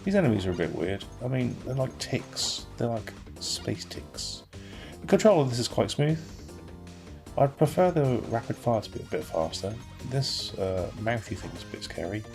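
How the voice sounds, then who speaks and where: A man's voice: mid-range voice, very animated, normal speed, vocal fry, over music. A British man giving casual, wry commentary while playing and reviewing an old video game, grumbling about the controls with dry asides.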